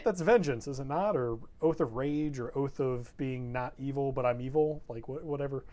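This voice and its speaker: A man's voice: mid-range voice, normal speed, mellow. Man, young adult, casual stream chat, rambling, self-deprecating. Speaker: show regular.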